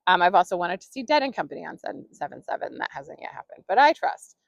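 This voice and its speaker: Lady podcaster rambling on, kinda gravelly low voice, dull dry lo-fi sound. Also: sing-song, fast, dry recording. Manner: chatty, rambling, many fillers and laughs. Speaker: podcast host. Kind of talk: casual solo podcast monologue.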